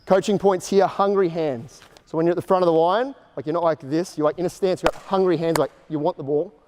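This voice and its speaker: A man with a fairly high voice runs a basketball coaching clinic, talking players through drills in short, casual instructions and quick called-out cues. His voice rings with the long reverb of a big indoor gym. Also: fairly even intonation, background noise. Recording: echoey gym hall reverb.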